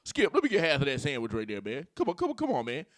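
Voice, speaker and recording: A man doing a brash, loud, pleading impression. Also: a little high, wildly swooping pitch, fast, dry recording, clean studio sound.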